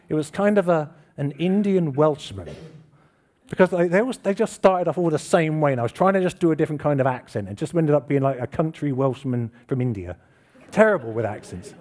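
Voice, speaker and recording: A man preaching in a relaxed, conversational way, his voice rising and falling with a lot of movement. It sits a little above the usual male pitch. He talks to the congregation, asks them questions and pokes fun at himself. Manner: chatty, self-deprecating, asks the congregation questions. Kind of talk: informal church sermon. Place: church hall with congregation.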